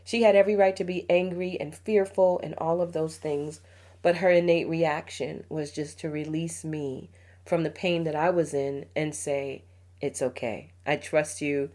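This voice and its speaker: A middle-aged mother hosts a heartfelt parenting podcast, sharing a personal family story in an emotional, confiding way. She laughs often, and her warm, steady voice sits low and moves at a normal speed.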